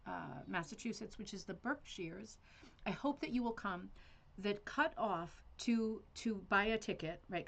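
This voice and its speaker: A woman's voice: medium pitch, gravelly, slight background noise. A woman hosting a rug hooking club livestream, chatting casually and rambling with fillers and laughs.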